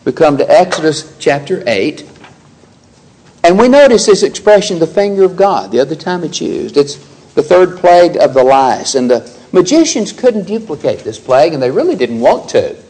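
A man's voice: fairly high pitch, sing-song, normal speed, darkish tone, low-quality recording. A man preaching an expository sermon, reading scripture aloud and pressing his points with rhetorical questions.

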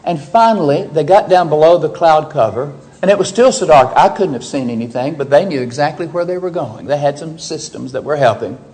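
A man preaching in an expressive sermon style. His voice sits a little higher than most men's and climbs sharply when he quotes the people in the text. He drops low and quiet to make a point land. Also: a little fast, few pauses, low-quality recording. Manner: expressive preaching, voicing biblical speakers with rises in pitch. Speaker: pastor.

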